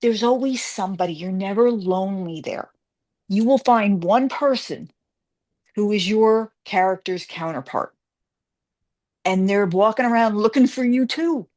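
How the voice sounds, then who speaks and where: Woman author guest, lively storyteller, does voices for people in her stories. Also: medium pitch, unhurried. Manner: animated storyteller, acts out quoted voices. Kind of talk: casual interview chat.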